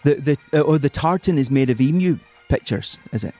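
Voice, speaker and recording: A man's voice: on the high side, lively intonation, brisk, warm tone, soft background music. A man putting on a Scottish accent to play an earnest, polite council man, speaking hesitantly with many fillers. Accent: Scottish put-on. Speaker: radio host doing a prank call.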